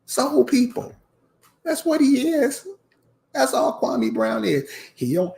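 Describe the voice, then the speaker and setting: A man's voice: high-pitched, unhurried, gravelly, darkish tone. A man giving a casual commentary rant to his viewers, emphatic and preachy, repeating his points and calling out to them directly. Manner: emphatic, repeats lines, addresses viewers as y'all. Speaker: channel host.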